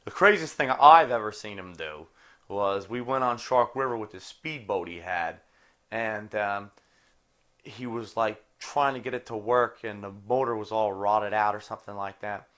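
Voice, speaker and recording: A man's voice: on the low side, normal speed, fairly bright tone. A man from New Jersey telling a long casual anecdote among friends, rambling and swearing, full of "like" and "you know.".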